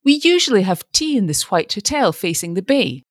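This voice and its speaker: A woman's voice: medium pitch, sing-song, fairly quick, dry recording, studio quality, voice pushed up. A woman voicing a shy, earnest young woman who speaks for her father. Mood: pleading. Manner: pleading, shy.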